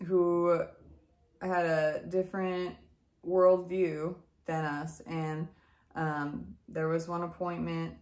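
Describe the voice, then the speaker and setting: A woman in her thirties, a mother, telling her family's story in a casual, animated way and acting out the dialogue. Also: on the low side, roomy sound. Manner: emotional, animated retelling with quoted dialogue.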